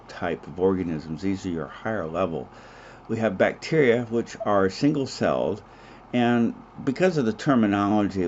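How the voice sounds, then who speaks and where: Male biology instructor, deep voice, chatty digressive lecture style, dull lo-fi audio with faint hiss. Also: a little mellow. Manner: digressive, joking asides, many fillers. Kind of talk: recorded online lecture.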